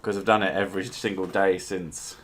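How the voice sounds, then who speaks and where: A man's voice: low-pitched, level tone, fairly quick. A man hosting a podcast, trading crude jokes in casual chat. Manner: crude, joking banter with bursts of silly voices. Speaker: podcast host.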